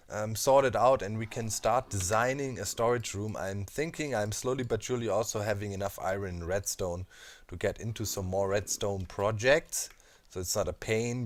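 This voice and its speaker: A man casually commenting while he builds in a video game, thinking aloud with many fillers and asides. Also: on the low side. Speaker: Minecraft let's player.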